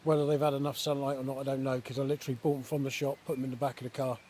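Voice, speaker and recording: A man talking casually in a relaxed, chatty way with many fillers, filming a vlog at a woodland camp outdoors. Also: mid-range voice, very fast. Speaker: vlogger. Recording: outdoor recording with faint nature noise.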